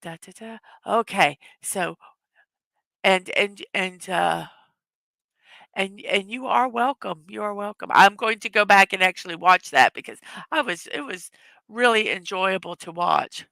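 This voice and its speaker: A woman's voice: mid-range voice, unhurried, gravelly, sharp tone, no room sound. A woman hosting a casual livestream, chatting away, rambling with restarts and frequent laughs. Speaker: livestream host.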